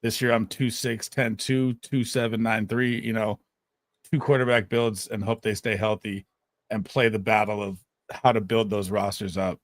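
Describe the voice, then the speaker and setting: Laid-back rambling co-host, lowish voice. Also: male voice, flat delivery, normal speed, dry recording. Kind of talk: casual livestream chat.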